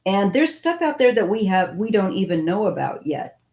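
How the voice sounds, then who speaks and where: A woman's voice: medium pitch, sing-song, moderate pace, a little mellow. A woman giving a casual live-stream tarot reading, musing and thinking aloud as she goes. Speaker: tarot reader.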